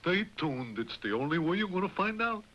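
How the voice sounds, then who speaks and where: A man's voice: sits high, sing-song, brisk, highs cut off, noisy background. Pompous lion king in a 1960s cartoon. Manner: formal, pompous, wordy. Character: pompous male lion king, stately master of ceremonies.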